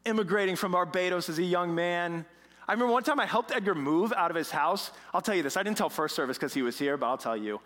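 A man with a high voice preaches a sermon in a church sanctuary, and his words carry a long reverb. He is an animated storyteller who drops to a hush and then builds back up with force. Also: fast talker. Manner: animated, swings between hushed and emphatic. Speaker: pastor.

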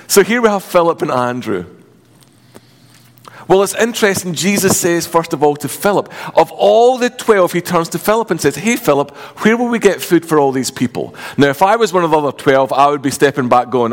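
A man preaching a sermon as a pastor, reading scripture, praying, then telling the story in a lively, joking way with big rises in pitch. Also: moderate pace. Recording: long hall reverb.

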